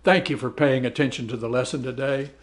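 A man's voice: mid-range voice, fairly even intonation, fairly quick. A man teaching a Bible study lesson, reading verses aloud and explaining them in a conversational way, often repeating words as he goes. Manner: reads verses aloud then comments.

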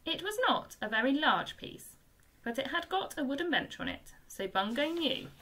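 A woman teacher reads a children's book aloud to young pupils. Her voice is bright and clear, and her pitch rises and falls a great deal as she tells the story expressively. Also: very animated, moderate pace. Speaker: primary school teacher.

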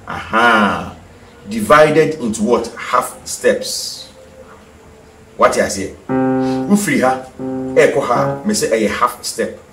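Recorded at a distance in a reverberant room, a medium-pitched man with a Ghanaian accent runs a televised piano lesson. Switching between English and Twi, he repeats terminology and puts questions to the viewer as piano notes ring in the background.

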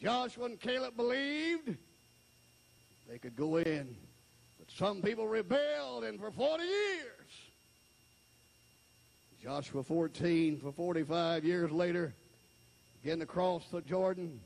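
A male evangelist preaching a fiery revival sermon, shouting and then dropping to a hush. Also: sits high, big pitch swings, slow, vocal fry, long pauses. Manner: shouting, jumps between loud and hushed delivery.

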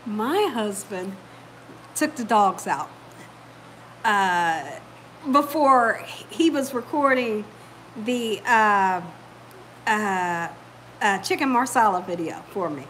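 A woman's voice: medium pitch, lively intonation, slow pace, pauses often, a bit bright, slight background noise, low-quality recording. A woman, hosting a home cooking video in her kitchen and chatting to viewers like a storyteller. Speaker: cooking channel host. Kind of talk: casual home cooking chat.

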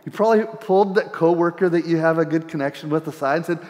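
Middle-aged male pastor, slightly high voice, chatty sermon delivery with stumbles and repeats, echoing church hall. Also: fast talker, a little mellow. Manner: conversational, repeats words while thinking aloud. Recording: church hall with long reverb.

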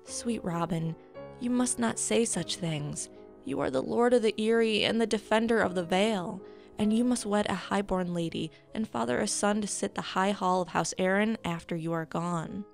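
A woman reading a storybook, voicing a young highborn woman in a soft, soothing way. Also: normal speed, creaky, faint music behind, close to an everyday voice. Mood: gentle.

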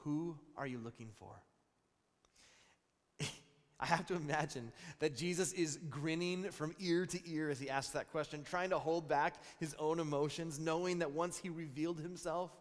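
Man preaching in an echoing hall. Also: a little high. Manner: animated storytelling with repeated words. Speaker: pastor. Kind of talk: sermon. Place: large church hall. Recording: long reverb in a church hall.

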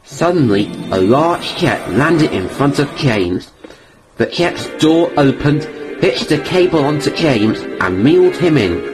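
A man narrating a children's story in a slow, plain storytelling manner. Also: on the high side, sing-song. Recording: music playing underneath.

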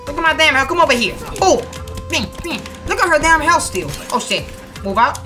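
A woman hosting a gaming channel, giving excitable, slangy, trash-talking let's play commentary and taunting enemies. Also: sits high, a little fast. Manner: slangy, swears often. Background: game music.

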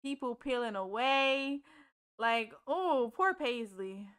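Bright-voiced woman gamer, animated and chatty. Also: on the high side, slow pace, smooth. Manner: animated, chatty, scolds game characters, swears casually. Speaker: gaming streamer. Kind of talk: let's play commentary.

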